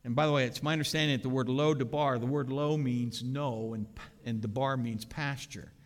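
A man preaching a sermon with animated, dramatic emphasis, recorded in a reverberant church sanctuary. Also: medium pitch, moderate pace. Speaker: pastor. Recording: reverberant hall.

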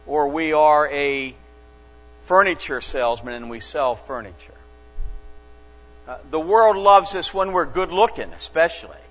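A man preaching a sermon as a pastor, telling stories slowly and earnestly with dramatic pauses. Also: fairly high pitch, a bit bright. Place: church sanctuary. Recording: dull lo-fi church recording with long reverb and mains hum.

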